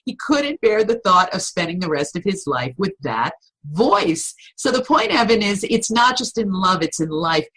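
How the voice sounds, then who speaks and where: A middle-aged woman voice coach explaining vocal tips in a podcast interview, with an animated, instructive storytelling manner. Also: mid-range voice, moderate pace, breathy edge, rough recording.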